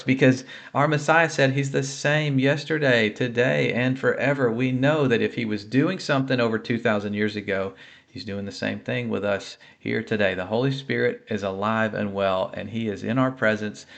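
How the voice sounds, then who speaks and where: A man's voice: mid-range voice, moderate pace, creaky, a bit bright. Earnest man giving a faith testimony. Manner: earnest and conversational, with many fillers and restarts. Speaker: ministry speaker sharing a healing testimony. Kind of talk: personal faith testimony told to camera.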